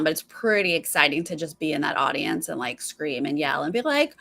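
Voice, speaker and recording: A woman's voice: on the low side, expressive, brisk, vocal fry, fairly bright tone. A woman hosting a live stream, chatting casually with viewers and mimicking other people's voices in her stories. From Los Angeles. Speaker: live stream host reacting to a TV show.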